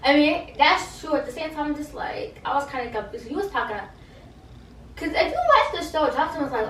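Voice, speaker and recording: A woman's voice: high voice, animated, fairly quick, a bit bright, slight background noise. A young woman recapping a reality show in a casual, slangy, chatty way, often quoting the cast. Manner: chatty, slangy, confused asides, quotes cast members. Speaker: reality TV reviewer. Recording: echoey room, mic at a distance.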